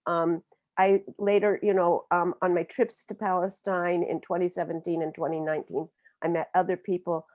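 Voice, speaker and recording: Older woman, 70s, lowish voice, earnest reflective storyteller speaking on a video call. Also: level tone, a little mellow. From Oklahoma, USA. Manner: earnest, reflective, with frequent pauses and restarts. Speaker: book author speaking on a webinar. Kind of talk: personal storytelling.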